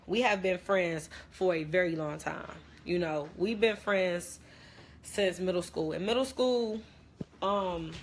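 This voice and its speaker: A woman's voice: fairly low pitch, a bit bright. A young woman playing a dramatic ex-best friend who rambles through a slangy, repetitive rant on a phone livestream. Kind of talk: comedic social media live rant.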